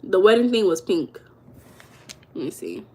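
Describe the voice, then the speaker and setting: A woman's voice: medium pitch, sing-song, a little slow, darkish tone, slightly rough. A woman hosting a live stream, chatting casually with her viewers and laughing often. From United States. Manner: chatty, talks to chat viewers, calls them baby and girl; laughs often while talking.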